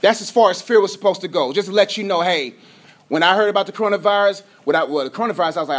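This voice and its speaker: Pastor guy preaching, kinda high voice, gets loud then goes quiet, trips over words sometimes. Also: quick pace. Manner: energetic preaching, swings between loud and hushed. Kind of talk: sermon.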